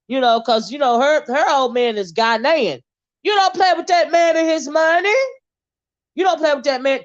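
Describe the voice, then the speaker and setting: A woman's voice: high voice, no echo, muffled recording. Sassy, blunt woman stream host. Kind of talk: casual live-stream commentary.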